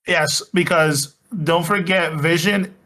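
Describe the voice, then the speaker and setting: A man's voice: fairly high pitch, slow. A man co-hosting a podcast, animatedly retelling movie scenes in casual chat. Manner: animated retelling, acts out lines. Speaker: podcast co-host.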